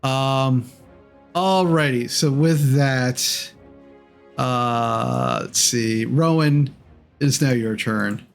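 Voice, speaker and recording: A man with a creaky mid-range voice runs a tabletop game, narrating at an easy pace over faint background music. He rambles, says um a lot, and keeps revising what he says.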